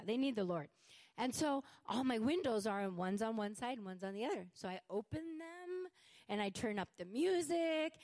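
Woman preacher, slightly high voice, fervent sermon delivery, leans hard on key words. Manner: fervent, emphatic, slows down to stress words.

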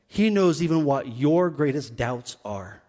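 A man's voice: fairly high pitch, in a large hall. A man preaching a sermon, acting out the scenes as he tells them. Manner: animated, acts out scenes with quick voice shifts. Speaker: pastor.

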